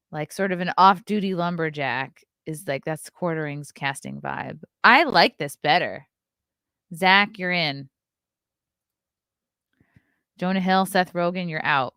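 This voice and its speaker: A chatty woman in her thirties hosts a live stream. She riffs and laughs easily, her voice a little low. The mic sound is dry and close. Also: fairly bright tone, clean tone, no room sound. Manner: chatty, riffing, laughs often. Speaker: host. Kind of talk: casual live-stream chat.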